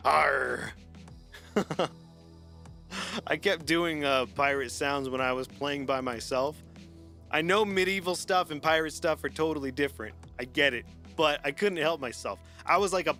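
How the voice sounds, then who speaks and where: Higher-voiced man hosting a stream. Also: moderate pace, sharp tone, faint music behind. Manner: laughs often, rambling with restarts. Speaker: live stream host. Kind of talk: casual chat on a live gaming stream.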